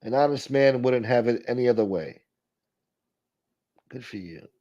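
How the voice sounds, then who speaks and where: A man's voice: expressive, moderate pace, dark tone. A man hosting a casual livestream, muttering back to the comments his viewers type. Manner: mutters low, talks back to chat. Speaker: livestream host reading chat. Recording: dull lo-fi stream audio.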